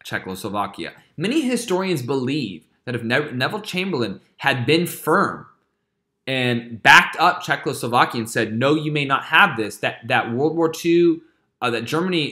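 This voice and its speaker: Casual, bright-voiced male history teacher who checks in often as he lectures. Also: medium pitch, expressive, moderate pace. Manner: casual and chatty, with frequent check-ins.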